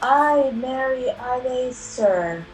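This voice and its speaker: A man voicing a fussy male street musician in a squeaky falsetto, drawn out and puzzled, during a play read over a video call. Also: lively intonation, extremely slow, soft background music, full character voice.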